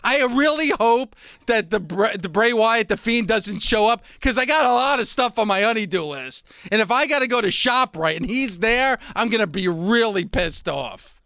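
A man riffing with sarcastic, mocking commentary. His voice is high and bright. The recording is dry and close. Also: expressive, normal speed, no room sound. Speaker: podcast host. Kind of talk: casual commentary.

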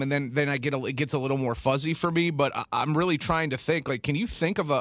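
A man's voice: mid-range voice, a bit bright, no room sound, clean studio sound. A man hosting a sports radio talk show, chatting casually with lots of restarts. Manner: chatty, halting with restarts and laughs.

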